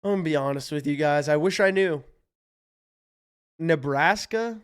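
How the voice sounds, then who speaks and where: A man from Canada streaming live, thinking out loud while he guesses, hyped up and swearing freely. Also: on the high side, moderate pace, clear, resonant tone. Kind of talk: casual live-stream commentary.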